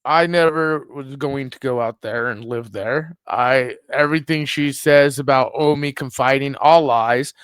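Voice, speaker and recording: A man's voice: a little high, a bit bright, smooth, no echo. A man appearing as a guest on a livestream, angrily denying accusations in profane, rambling talk. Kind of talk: heated livestream commentary.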